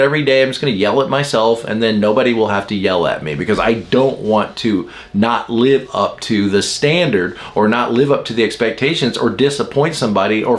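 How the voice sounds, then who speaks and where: A man giving a casual talk about personality types. He explains patterns with everyday examples and sometimes acts out the people in his stories. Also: medium pitch. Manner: animated storytelling with acted quotes. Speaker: Enneagram teacher.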